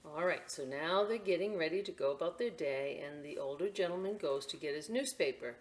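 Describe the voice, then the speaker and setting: At a library storytime, a middle-aged woman with a low voice reads a picture book a little fast. She's lively and talkative, dropping in frequent asides to the young children listening.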